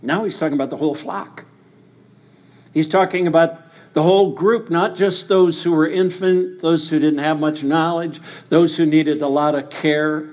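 A man preaching a verse-by-verse sermon, reading scripture aloud and dramatizing quoted dialogue, dropping low and soft for Jesus' words and asking emphatic rhetorical questions. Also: steady tone, normal speed.

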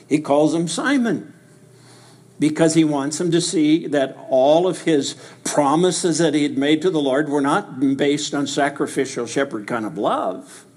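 A man preaching a verse-by-verse sermon, reading scripture aloud and dramatizing quoted dialogue, dropping low and soft for Jesus' words and asking emphatic rhetorical questions.

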